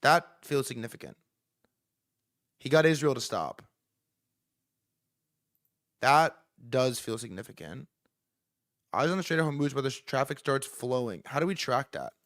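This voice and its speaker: A man hosting a live stream, reacting to news in excitable, profane commentary and repeating words in rapid bursts. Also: mid-range voice, no echo, studio quality. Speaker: livestream host.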